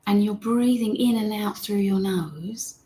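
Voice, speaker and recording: A woman teaching meditation in a gentle, chatty way, talking straight to her viewers and reading their comments aloud. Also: mid-range voice, measured pace. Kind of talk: live-streamed guided meditation lesson.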